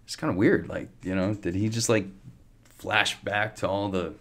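A man in his thirties, a podcast guest, telling a long story in a casual, animated way with lots of restarts and fillers. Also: lowish voice, normal speed, slight background noise.

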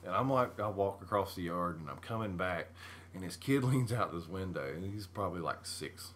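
A man's voice: sits low, expressive, a little fast, a bit bright, slight background noise. A man, co-hosting a casual podcast chat, telling stories animatedly and laughing mid-sentence. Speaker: podcast co-host.

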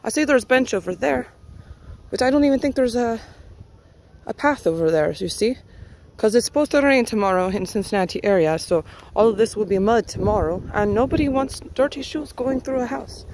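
A woman's voice: a little high, lively intonation, brisk, a little mellow, low-quality recording. Give me a chatty woman with a put-on Spanish accent. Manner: chatty, rambling, thinking aloud with many fillers. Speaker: vlogger giving a neighborhood tour. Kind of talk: casual walking tour commentary. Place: outdoors, walking around a pond in a housing development.

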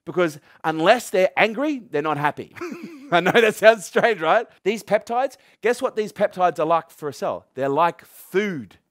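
A middle-aged man gives a punchy motivational talk to a live crowd. His voice sits a little high, and he swears for emphasis and fires questions at the room. The sound is dry and close, with almost no room echo. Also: expressive, a little slow, fairly bright tone. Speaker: motivational speaker.

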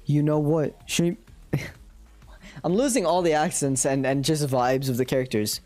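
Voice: medium pitch, normal speed, darkish tone, no echo, faint music behind. A streamer casually reading a dating sim aloud on a live stream, swearing and laughing at their own slips.

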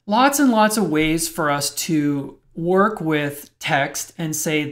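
A man's voice: fairly high pitch, expressive, slow pace, few pauses, fairly bright tone. A man teaching web programming in a screencast lecture, thinking aloud and explaining step by step as he types.

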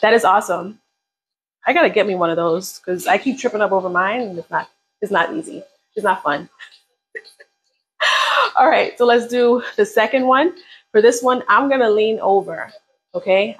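A woman's voice: mid-range voice, breathy edge, poor audio. A woman leading a live beginner workout, coaching casually and encouragingly while counting down reps. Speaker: fitness instructor.

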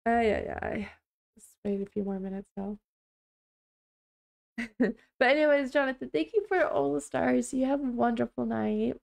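Young woman, livestreamer, gravelly, slightly high voice, chatty, laughs a lot, headset mic. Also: measured pace, long pauses, a little mellow. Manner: chatty, apologetic, laughs often. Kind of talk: casual livestream chat.

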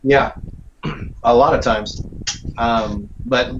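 A man's voice: medium pitch, drawn-out words, a little hiss or hum. Easygoing male voice actor, muffled audio. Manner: reflective, rambling with many fillers. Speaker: voice actor and acting teacher. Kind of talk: casual interview chat. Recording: slightly dull, muffled audio.

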